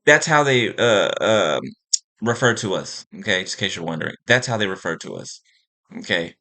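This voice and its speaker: A man delivers an impassioned spiritual monologue in a bright, forceful voice. He talks emphatically, repeats phrases and keeps checking in with his listeners. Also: on the low side, animated, moderate pace. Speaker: spiritual speaker.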